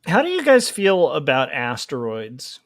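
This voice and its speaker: A man's voice: on the high side, huge pitch swings, measured pace, no room sound, studio quality. A man hosting a casual livestream while drawing, rambling and joking at his own expense. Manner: joking, rambling, self-mocking. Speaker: livestream host, comic artist.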